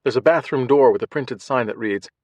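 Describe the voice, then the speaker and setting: A man reads a first-person audiobook in a measured way, hushed in some passages and tense in others. His voice sits in a mid-range pitch. The recording is dry and close, with no room sound. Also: no room sound. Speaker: audiobook narrator. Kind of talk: scripted first-person narration.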